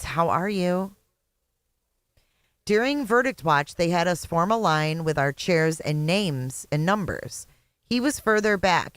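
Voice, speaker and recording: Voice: medium pitch, fairly bright tone, smooth, no echo. A middle-aged host from Indiana giving live reaction commentary on a stream, blunt, profane and sarcastic. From Indiana, USA. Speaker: channel host.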